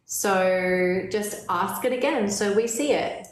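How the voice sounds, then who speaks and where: A woman from outside the US, co-hosting a casual witchcraft live stream, playful and quick to laugh. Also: medium pitch, echoey room, low-quality recording. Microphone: phone on a live stream.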